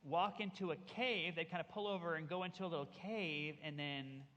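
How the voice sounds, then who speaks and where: A man, a camp pastor, telling a Bible story to children and leading them in call-and-response shouts. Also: on the high side, a little fast. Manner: animated, leads kids in call-and-response shouts. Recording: long hall reverb.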